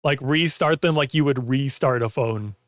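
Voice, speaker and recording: A man's voice: mid-range voice, moderate pace, no echo, studio quality. Rambling man streaming, losing his voice. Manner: rambling, heavy use of "like". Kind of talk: casual chat while gaming.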